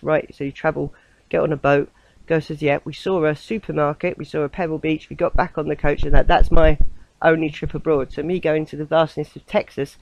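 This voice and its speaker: A woman's voice: deep voice, gravelly, darkish tone, no room sound, highs cut off. An English woman hosting a spiritual radio show, talking in a casual, meandering way with many fillers and a ready laugh. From England. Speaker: host. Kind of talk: casual rambling radio monologue.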